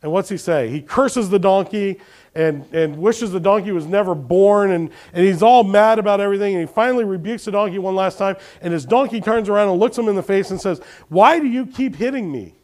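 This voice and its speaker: A man's voice: high voice, a little fast, a little mellow. A man preaching a sermon, telling Bible stories with animation and questioning his congregation. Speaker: pastor.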